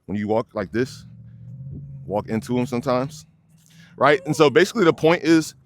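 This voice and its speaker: A man's voice: mid-range voice, expressive, moderate pace, slight background noise. A young man, a dog trainer, explaining leash work casually outdoors and addressing viewers as y'all. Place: outdoors by a fence near many dogs.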